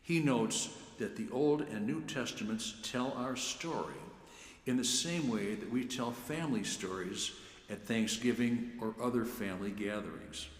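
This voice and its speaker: Male church lector, measured and deliberate, low voice, roomy reverberant sound. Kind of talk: prepared talk on reading scripture aloud. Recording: echoey room with long reverb.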